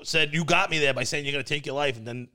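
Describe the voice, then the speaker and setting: A man telling wild stories in casual talk, acting out quotes with sudden high voices. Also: fast. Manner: animated storyteller, acts out quotes in a high voice. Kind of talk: casual storytelling.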